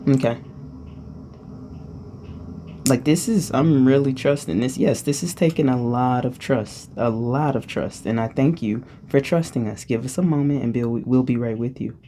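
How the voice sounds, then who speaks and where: A woman giving a casual channeled spiritual talk, playful and chatty, who often checks in with her listeners and at times eases into a hushed, calming voice. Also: very deep voice, normal speed, hardly any pauses, a little hiss or hum. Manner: playful, chatty, asks "you get what I'm saying".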